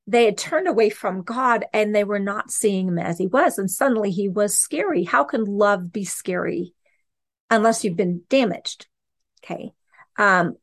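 A woman teaching scripture in a casual, conversational way, often checking in with "okay" and "right.". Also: medium pitch. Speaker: podcast teacher.

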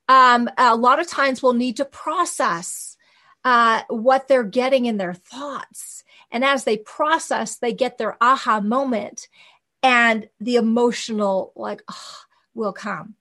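A woman delivers an informal church teaching, her voice sitting a little high. She talks in a lively, conversational way, dropping fillers and acting out little quotes. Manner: animated, conversational, with many fillers and quoted asides. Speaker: Christian teacher on hearing God.

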